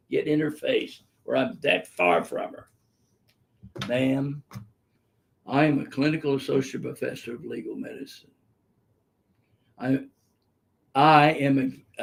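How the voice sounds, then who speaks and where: Vocal fry colors this older man's medium-pitched voice as he hosts a live webinar. A physician responding to questions from viewers, he tells his stories emphatically and bluntly, full of strong opinions, all heard through a live webinar microphone.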